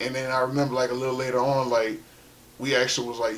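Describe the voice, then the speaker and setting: A man's voice: medium pitch, little pitch movement, fast, slight background noise. A man from South Carolina, telling his life story in a loose, conversational way with lots of "you know" and "like". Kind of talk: casual spoken storytelling.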